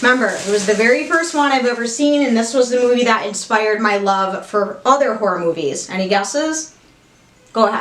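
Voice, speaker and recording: Excitable young woman in an echoey room. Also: fairly high pitch, a little fast, slight background noise. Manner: gushing, excitable, swears casually. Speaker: vlogger. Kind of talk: casual haul vlog.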